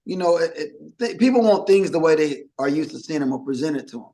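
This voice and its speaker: A middle-aged man, a singer as interview guest, talking casually in a rambling, animated way with many restarts and acted-out quotes. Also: a little high, a little fast.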